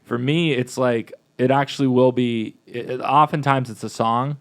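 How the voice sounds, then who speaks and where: A man's voice: mid-range voice, fairly even intonation, moderate pace, a bit bright. A man co-hosting a parish podcast, chatting casually in a rambling way with many fillers and restarts. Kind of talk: casual chat.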